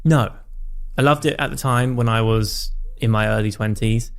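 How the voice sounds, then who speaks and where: A man, a podcast guest talking candidly and reflectively, with many fillers and quick asides. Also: medium pitch, fairly even intonation, clear, resonant tone. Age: 30s. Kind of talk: casual conversational interview.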